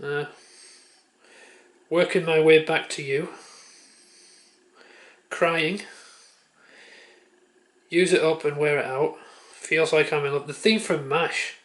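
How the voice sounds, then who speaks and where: A man's voice: a little high, steady tone, takes it slowly, long pauses, fairly bright tone. A man vlogging at home, chatting offhand with a handheld camera, muttering and swearing casually. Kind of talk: casual chat.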